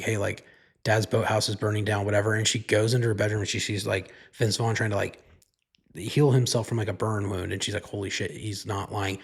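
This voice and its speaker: A man's voice: lowish voice, creaky, breathy edge. A man hosting his own podcast, retelling a film's plot in a loose, rambling, profane way, full of "like" and "right?". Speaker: podcast host. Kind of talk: casual movie recap.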